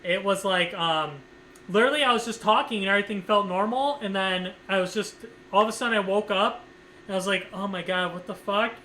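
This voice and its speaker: High bright-voiced man rambling a story. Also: brisk, slight background noise, low-quality recording. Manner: rambling, lots of fillers, swears freely. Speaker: vlogger. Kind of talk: casual story time vlog.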